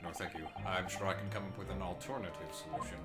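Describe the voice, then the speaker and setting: A man voicing a dry, exasperated young lawyer, reading game dialogue in a low, sardonic tone. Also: fairly even intonation, fast talker, close to an everyday voice. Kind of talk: voice acting a game's dialogue. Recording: music playing behind.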